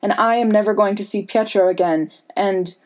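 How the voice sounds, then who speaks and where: A woman's voice: medium pitch, fairly even intonation, normal speed, lightly acted. A woman voicing a bitter, snarky young woman locked in a prison cell. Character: cocky snarky young man, sarcastic prisoner.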